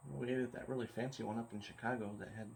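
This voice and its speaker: A man's voice: medium pitch, steady tone, rapid-fire, gravelly, slight background noise. A man co-hosting a casual at-home vlog, reading out questions and answering with dry jokes. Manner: dry, joking, laid-back. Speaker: co-host. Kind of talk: casual chat.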